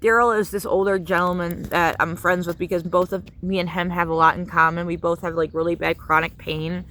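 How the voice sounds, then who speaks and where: A woman's voice: lowish voice, flat delivery, a little fast, a bit bright, slight background noise. A woman in a casual vlog rant, angry and profane, full of fillers like "um" and "like.". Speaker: vlogger.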